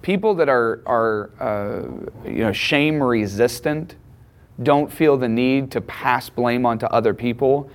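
A man's voice: medium pitch, measured pace. Brief: man in his thirties, pastor, preaching with emphatic, conversational delivery. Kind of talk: sermon.

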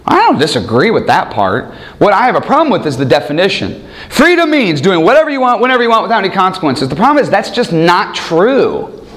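A man preaching a sermon, animated, acting out quoted voices and asking rhetorical questions. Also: high voice, fairly quick.

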